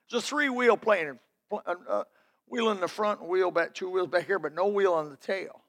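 A man's voice: high-pitched, moderate pace, fairly bright tone. A man preaching a sermon, telling folksy personal stories in an emphatic, building delivery.

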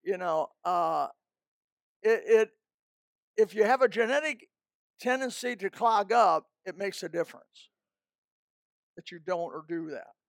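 Folksy older preacher with a gravelly voice. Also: male voice, high-pitched, animated, measured pace, pauses often, no echo, studio quality. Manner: folksy, emphatic, sings snatches of hymns. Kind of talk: sermon.

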